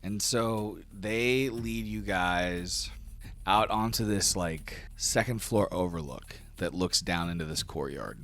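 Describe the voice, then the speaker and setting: A man's voice: low-pitched, slow, fairly bright tone. A man narrating a tabletop game as game master, descriptive and casual, with many fillers. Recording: faint music behind.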